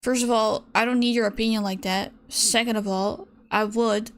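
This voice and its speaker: A woman's voice: fairly high pitch, fairly even intonation, normal speed. A young woman chatting casually with her stream viewers while she paints, ranting in an exasperated way and reading out chat messages.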